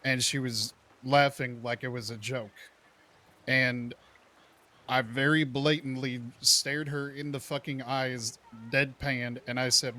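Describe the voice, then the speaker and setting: Blunt, cursing man with a bright voice. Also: mid-range voice, steady tone. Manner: measured, detailed retelling with blunt cursing. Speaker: role-play character giving an account. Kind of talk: in-character role-play talk.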